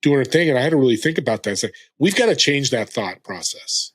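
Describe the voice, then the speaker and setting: A man's voice: medium pitch, big pitch swings, fast talker. A man in his sixties, a guest on a podcast, speaking in an earnest, motivational way and urging listeners to act. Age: 60s. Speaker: guest, fellow show host. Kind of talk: casual interview chat.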